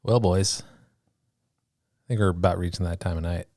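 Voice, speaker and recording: Dark, deep-voiced man cracking dry jokes. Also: steady tone, a little slow, no room sound. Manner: dry wisecracking asides. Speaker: podcast co-host. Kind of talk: casual chat.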